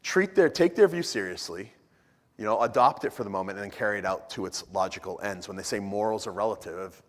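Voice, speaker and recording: A man giving an energetic, joking talk at a church conference, often restarting his sentences. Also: lowish voice, fairly quick. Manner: animated, joking, frequent restarts. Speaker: conference speaker. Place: church hall. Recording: long hall reverb.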